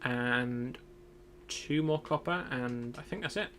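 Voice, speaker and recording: A man's voice: mid-range voice, slow, sharp tone, slight background noise. A young man streaming a survival game, casually thinking aloud as he plays. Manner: thinks aloud, muttering to himself. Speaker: gaming streamer. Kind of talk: casual gameplay commentary.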